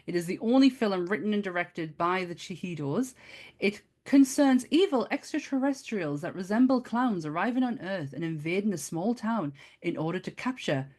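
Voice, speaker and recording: A chatty, giggly woman hosts a podcast, her voice bouncing up and down with lively, sing-song pitch. She talks in a relaxed, casual way and breaks into laughter often. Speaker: podcast host.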